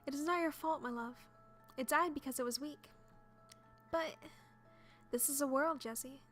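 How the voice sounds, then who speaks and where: A woman voicing a cold, stern royal mother who gives slow, harsh commands in a game playthrough. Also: high-pitched, a bit bright, faint music behind, pitched above the performer's own voice.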